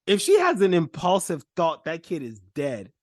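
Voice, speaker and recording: A man co-hosting a podcast jumps in with playful, quick reactions and frequent laughs. His voice sits fairly high and swings widely in pitch. The sound is dry, with no room echo. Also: huge pitch swings. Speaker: podcast co-host. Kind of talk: casual chat.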